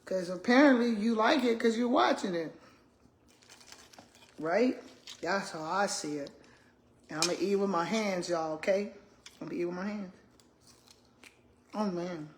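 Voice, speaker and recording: A woman's voice: mid-range voice, a little slow, long pauses, a little hiss or hum. An older woman, chatting casually with viewers while eating and talking between bites. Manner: chatty, talks with her mouth full, calls viewers "y'all". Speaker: vlogger, retired school principal. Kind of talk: casual live-stream chat while eating. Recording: echoey room.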